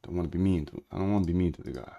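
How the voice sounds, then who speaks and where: This is a man with a very low voice, loose and slangy as he works through code on a live stream. He mutters to himself and tosses asides at his chat in an easygoing, rambling way. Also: very fast, vocal fry, mellow. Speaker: livestreaming programmer.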